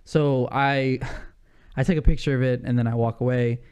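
A man telling a rambling story in casual chat, animated and full of asides and restarts, swearing freely. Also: mid-range voice, moderate pace, clear, resonant tone.

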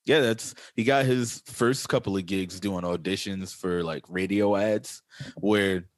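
A man's voice: sits low, unhurried, no room sound. A man co-hosting a podcast in a laid-back, joking manner, often breaking into laughter during casual banter. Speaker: podcast co-host. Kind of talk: casual chat.

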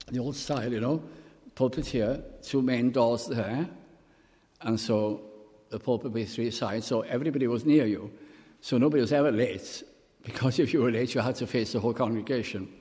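Older man preaching in a reverberant hall. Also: medium pitch. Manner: storytelling, warm pauses, quotes scripture slowly. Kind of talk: sermon with personal stories.

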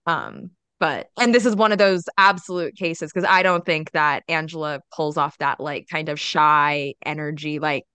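A woman in her twenties, a guest journalist on a podcast, speaking frankly in casual chat with quick, swearing rants. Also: low-pitched, steady tone, pushed and bright, smooth. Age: 20s.

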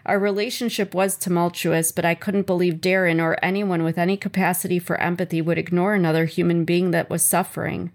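A woman reading a chapter of her own memoir aloud in a measured, earnest first-person voice. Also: fairly low pitch.

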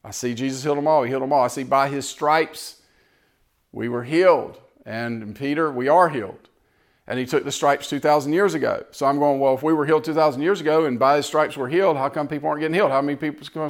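A man's voice: on the high side, fast talker. A man preaching in a casual storytelling way, acting out the lines of the people in his story. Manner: animated, acts out quoted exchanges. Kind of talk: storytelling sermon.

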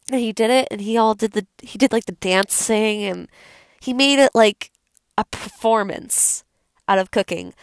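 A woman's voice: fairly high pitch, normal speed, no room sound. A young woman hosting her own video, talking casually and rambling about a film she loves, with many fillers. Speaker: video host. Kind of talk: casual unscripted film talk.

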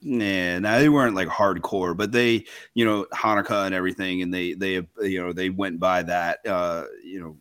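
A man's voice: low voice, steady tone, moderate pace, hardly any pauses, fairly bright tone, no room sound, studio quality, soft background music. Rambling man, casual storytelling. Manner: rambling, self-interrupting, laughs often. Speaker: podcast co-host.

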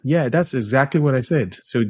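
A man co-hosting a podcast in casual chat, telling stories in a teasing, animated way. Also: mid-range voice, a little fast, slightly rough. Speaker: podcast co-host.

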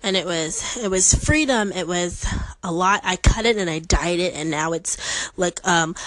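A woman's voice: mid-range voice, poor audio. A young woman hosting a podcast, chatting casually and rambling through stories with joking asides. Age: young adult. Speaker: podcast host.

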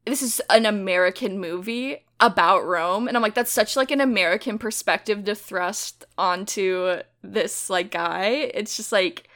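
A woman's voice: medium pitch, a little slow, hardly any pauses, a bit bright. A young woman co-hosting a podcast, chatting casually about a movie in a gushing, slangy, giggly way. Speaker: podcast co-host. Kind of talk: casual movie-review chat.

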